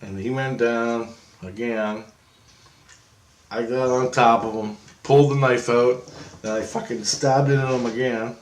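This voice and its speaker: A man's voice: medium pitch, unhurried. Rambling, profane man in an echoey room. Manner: rambling, profane, animated retelling with self-corrections. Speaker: vlogger. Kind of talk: casual storytelling monologue.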